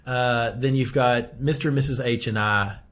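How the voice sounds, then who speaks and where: A man's voice: mid-range voice, fairly even intonation, normal speed, a bit bright. A man co-hosting a podcast, telling a story in casual chat and laughing often. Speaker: podcast co-host.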